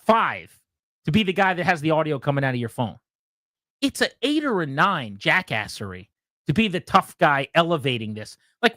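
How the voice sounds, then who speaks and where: In a clean, dry studio recording, a male radio host chats and spins an animated tale. He impersonates other people with loud, high bursts.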